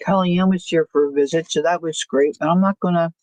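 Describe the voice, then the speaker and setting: A woman's voice: lowish voice, fairly even intonation, a little fast, darkish tone, dry recording, poor audio. A woman hosting a crafting livestream, chatting casually, thinking aloud and answering viewer comments as she works. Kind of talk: casual chat while crafting.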